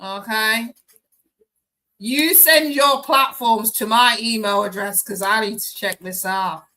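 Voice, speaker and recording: A chatty woman talks straight to her live viewers in loose, slangy banter. Her voice sits a bit high and sounds bright and forward. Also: slow pace, low-quality recording. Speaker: tarot reader hosting a live stream. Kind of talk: casual live-stream chat.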